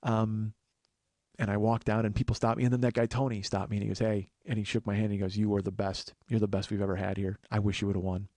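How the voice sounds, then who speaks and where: A man's voice: on the low side, level tone, fast, darkish tone, no echo. A man hosting a podcast, telling a long personal story in a rambling casual way, acting out what others said. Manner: rambling, with restarts and acted quotes of others. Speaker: podcast host.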